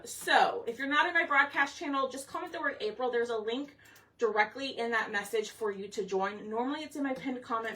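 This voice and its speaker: A woman's voice: fairly high pitch, fairly bright tone, recorded from a distance, slight background noise. A woman hosting a craft livestream, chatty and a bit scattered, out of breath as she talks to viewers. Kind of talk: casual livestream chat. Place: home craft room.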